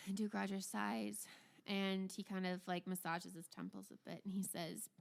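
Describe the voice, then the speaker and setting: A woman's voice: mid-range voice, little pitch movement, a little slow, gravelly. A woman narrating a tabletop game as game master, casual with fillers.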